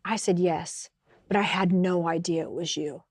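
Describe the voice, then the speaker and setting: A woman co-hosting a podcast, telling stories in a lively, casual way and laughing often. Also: on the low side, moderate pace, breathy edge, dry recording, studio quality. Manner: animated storytelling, laughs often. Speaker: podcast co-host. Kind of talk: casual faith chat.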